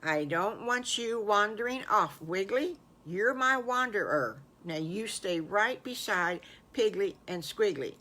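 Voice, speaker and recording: An older woman voicing a caring mother pig who speaks softly and earnestly as she gives instructions to her piglets. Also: medium pitch, lively intonation, a little slow, few pauses. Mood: firm.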